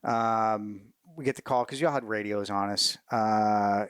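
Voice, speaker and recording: A middle-aged man speaking in a casual interview, telling stories in a candid, profane way and often stopping to restart his thoughts. His voice sits low, and the sound is dry and close. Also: fairly even intonation, unhurried, a bit bright, clear, resonant tone, no echo. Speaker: retired Marine officer guest.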